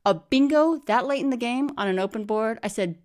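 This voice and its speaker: A woman's voice: a little high, animated, a little fast, few pauses, darkish tone. A woman telling a comic story in a dry, mock-stern, theatrical manner. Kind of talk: deadpan comedic monologue.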